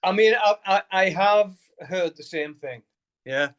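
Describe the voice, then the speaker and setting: A man's voice: high voice, a little slow, fairly bright tone. Swearing Geordie man telling rambling stories. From Newcastle, England. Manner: rambling storyteller, heavy swearing, frequent laughter, many restarts. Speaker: guest musician. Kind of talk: casual interview chat.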